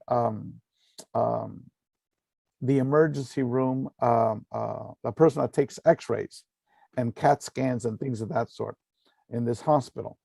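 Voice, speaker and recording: A man's voice: mid-range voice, gravelly, mellow, no echo. Middle-aged man, dry close sound, earnest storyteller with lots of ums. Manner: earnest, full of fillers and repeated phrases. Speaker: speaker giving a talk. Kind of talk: personal storytelling talk.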